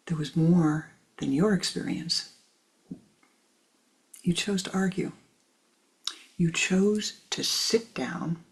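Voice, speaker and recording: A woman voicing a soft-spoken wise owl. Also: low voice, rough recording. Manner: gently chiding, soft and unhurried. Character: wise calm owl looking down from above. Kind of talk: spiritual teaching story.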